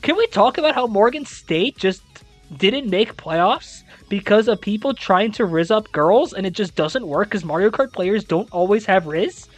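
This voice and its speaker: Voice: medium pitch, lively intonation, normal speed, no echo, faint music behind. A young adult host recapping a college esports league, reading scores and ranting with exasperated disbelief and casual swearing.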